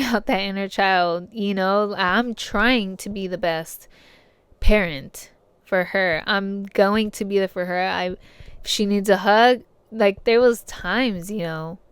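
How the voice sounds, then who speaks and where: A woman's voice: medium pitch, a bit bright, clean tone, dry recording. A young woman hosting her podcast, talking casually and from the heart to her listeners in a slangy way that is full of swearing. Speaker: podcast host.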